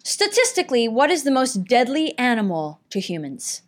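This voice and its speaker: Teasing woman host, slightly high voice. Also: sing-song, moderate pace. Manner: teasing, blunt. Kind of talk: casual comedic interview.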